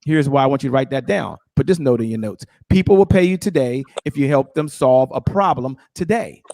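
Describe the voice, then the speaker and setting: A middle-aged man giving an energetic, emphatic motivational talk on sales as a guest speaker, repeating his key phrases. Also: medium pitch, brisk, gravelly, dry recording, clean studio sound.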